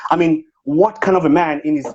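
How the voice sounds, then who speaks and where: A man whose voice is a little high, a little fast, slightly mellow and husky impersonates a boastful, self-important South African business speaker for laughs. The scolding and bragging happen over a phone on a live video call, recorded as lo-fi livestream audio.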